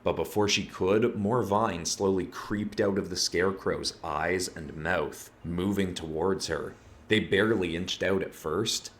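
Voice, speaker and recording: Deep-voiced man narrating a horror story. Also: a little slow.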